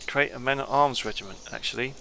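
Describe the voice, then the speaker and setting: A man with a gravelly, crackling voice that still cuts through bright and forceful. He chats casually over his game, thinking aloud and drifting off mid-thought as he weighs each choice. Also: medium pitch, quick pace. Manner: musing, thinking aloud, trailing off. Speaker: gameplay commentator. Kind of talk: casual let's-play commentary.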